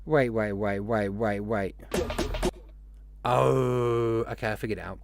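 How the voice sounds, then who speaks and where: A man's voice: lowish voice, fairly even intonation, slow, vocal fry, over music. A man hosting a live stream, chatting casually and rambling as he greets viewers one by one.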